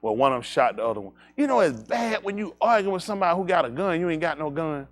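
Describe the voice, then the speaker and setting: A man with a high voice that swings widely up and down, telling a loose, laughing anecdote at a congregation's livestream. He circles back on himself, repeats "I said" again and again, then turns preachy and warns young people directly. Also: quick pace. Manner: animated, repeats "I said", laughs through the story. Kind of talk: anecdotal storytelling with a moral.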